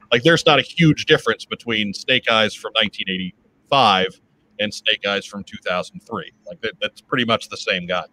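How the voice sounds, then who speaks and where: A man's voice: fairly low pitch, sharp tone. A man co-hosting a casual podcast, upbeat, reading listener letters aloud. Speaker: podcast co-host.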